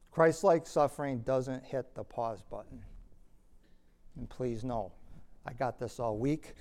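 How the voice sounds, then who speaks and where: A male pastor preaching a sermon in earnest, building to emphatic high points and falling to quiet asides, with scripture read aloud and brief laughs. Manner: reads scripture aloud in old phrasing.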